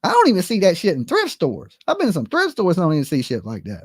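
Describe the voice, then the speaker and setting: High-voiced guy ranting and cussing, pitch jumps all over, dry close sound. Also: fast, slightly rough, no echo. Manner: animated, profane storytelling with many asides. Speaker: commentary streamer. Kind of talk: casual profane commentary.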